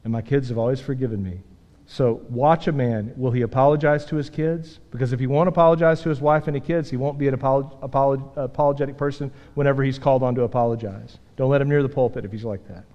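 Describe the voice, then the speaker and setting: Earnest pastor preaching in a hall. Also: male voice, medium pitch, fairly even intonation, fast, highs cut off. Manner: earnest, emphatic preaching, shifting from loud to quiet and self-deprecating. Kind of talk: sermon. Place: church sanctuary. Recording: long hall reverb.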